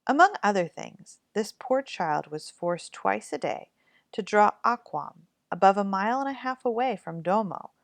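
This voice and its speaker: A woman reading a fairy tale aloud in an expressive storybook manner. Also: mid-range voice, vocal fry, no echo.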